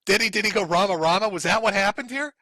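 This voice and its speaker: A middle-aged man rattles off sarcastic, mocking commentary on his live stream and laughs often. His voice sits high and bright. The sound is dry and close, with no room behind it. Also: fast, no echo. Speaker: streamer host.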